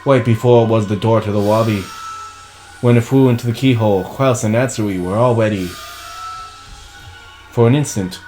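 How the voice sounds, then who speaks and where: A man's voice: fairly low pitch, normal speed, long pauses, warm tone, faint music behind, rough recording. A man casually reading a visual novel aloud as a let's play host, laughing often and swearing. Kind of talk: casual game read-along.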